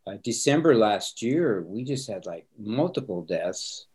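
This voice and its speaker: An older man who serves as a pastor talks in a low, settled voice. He is earnest and open about emotion, and a light laugh comes easily to him. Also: sing-song, a little slow, a little mellow, husky. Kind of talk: candid interview talk.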